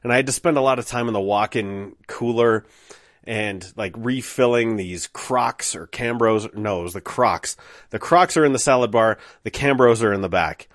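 A man's voice: on the low side, moderate pace, no echo, studio quality. A man telling a rambling, self-deprecating story in a casual way, with many fillers.

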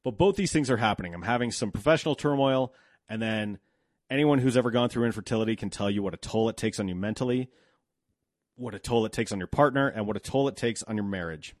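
A man's voice: on the low side, fast talker, dry recording, studio quality. A man in his thirties telling a candid personal story about work, blunt and profane, growing heated when indignant.

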